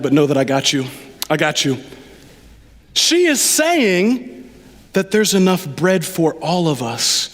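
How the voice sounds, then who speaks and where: A man preaching a lively sermon as pastor, addressing the congregation directly and with animated delivery. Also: fairly high pitch, in a large hall. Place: church sanctuary.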